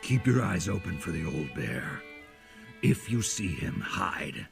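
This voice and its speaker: An actor playing a stern male guide in a video game, with a gravelly voice and music behind. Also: low voice, very animated, slow pace, full character voice.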